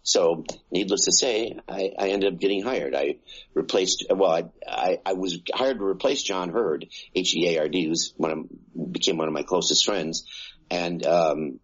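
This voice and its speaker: A man's voice: deep voice, normal speed, fairly bright tone, slightly rough, lo-fi sound. A man in his sixties, an actor telling a rambling anecdote in an interview, full of fillers and acted-out voices. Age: 60s. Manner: rambling, many fillers, acts out quoted voices. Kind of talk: casual anecdotal storytelling.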